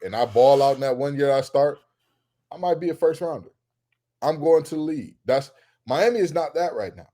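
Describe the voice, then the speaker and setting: A man talking sports on a podcast with a mid-range voice that often jumps up high as he gets heated. He hammers home his points and repeats lines for emphasis. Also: dark tone. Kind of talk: casual sports talk.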